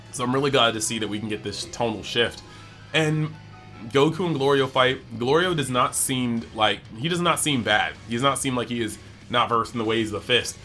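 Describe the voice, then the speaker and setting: A man talks through an anime episode in a loose, chatty way, filling his sentences with "like." His voice is bright and forward. He slips into short acted quotes of the characters as he recaps, with faint music underneath. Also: medium pitch. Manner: animated, acts out characters' lines in quick bits; chatty, heavy use of "like". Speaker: anime review channel host. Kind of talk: casual episode breakdown.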